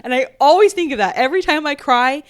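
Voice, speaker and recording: A woman in her thirties co-hosting a book club podcast, talking in a chatty, animated way with lots of fillers. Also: high-pitched, fast. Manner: chatty, says like often, animated storytelling. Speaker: podcast co-host. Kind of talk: casual chat.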